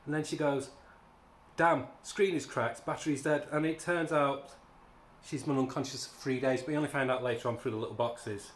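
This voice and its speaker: A man's voice: medium pitch, fairly even intonation, fairly quick, slight background noise. A man giving a casual spoken comic book review, ranting in a sarcastic, exasperated way. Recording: echoey room.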